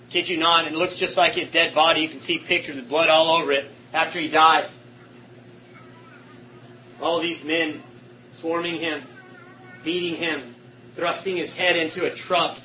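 Guy preaching fired up, high bright voice, goes from yelling to hushed. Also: slight background noise, rough recording. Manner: impassioned, swinging between shouts and hushed tones. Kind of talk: sermon.

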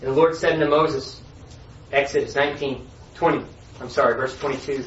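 A man's voice: medium pitch, fairly even intonation, fairly quick, a little hiss or hum. A man preaching a sermon, reading scripture and an old allegory with earnest delivery. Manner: earnest reading, rising forceful on key lines. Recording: echoey hall, voice far from mic, dull lo-fi.

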